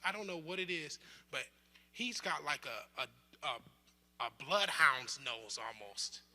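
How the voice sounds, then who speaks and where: Young man, bible study teacher, high voice, very bright and tense tone, casual joking talk. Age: young adult. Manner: conversational, joking, with lively asides and acted-out quotes. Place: room of a bible study group. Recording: roomy hall with long reverb.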